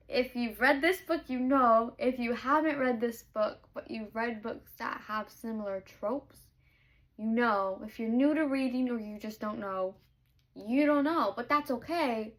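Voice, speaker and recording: A woman's voice: fairly high pitch, measured pace, fairly bright tone. A young woman vlogging about a book as she reads it, chatty, candid and gushing. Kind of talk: casual chat while reading aloud.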